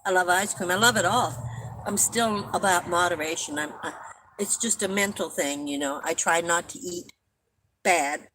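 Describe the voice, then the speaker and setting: A woman's voice: fairly low pitch, moderate pace, noisy background. An older woman hosting a casual live-stream chat, rambling and chatty, laughing at her own stories and coughing often.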